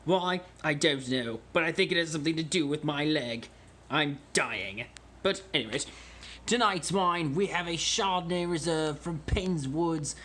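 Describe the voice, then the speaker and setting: A man hosting a casual wine-tasting vlog at home in a deliberately put-on British accent, joking and rambling about himself while recording on a phone. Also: fairly high pitch, sharp tone, a little hiss or hum. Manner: jokey, rambling and self-mocking.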